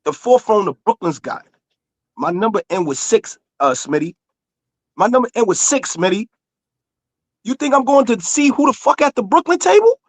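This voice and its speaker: A high-pitched man argues hard, circling back to restate his point again and again over interruptions. The sound is dry and close, with no room around it. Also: very animated, moderate pace, no room sound. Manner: insistent, repeats himself, talks over others. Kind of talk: heated casual argument.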